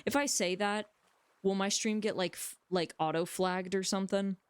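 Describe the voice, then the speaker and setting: A woman's voice: medium pitch, steady tone, moderate pace, clean tone. Rambling, joking woman streamer. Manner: rambling, joking, talks to chat. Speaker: livestreamer. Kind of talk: casual stream chat. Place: home room.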